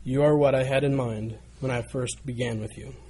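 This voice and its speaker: A preacher voicing a patient master potter. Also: male voice, mid-range voice, steady tone, normal speed, warm tone, a little hiss or hum, lightly acted. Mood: gentle. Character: patient kind potter, gently explaining.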